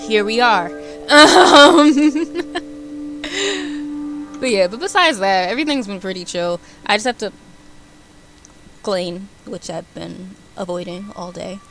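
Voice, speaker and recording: A young woman streamer chatting casually with her viewers, animated and giggly, rambling between topics. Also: medium pitch, slow pace, long pauses, faint music behind.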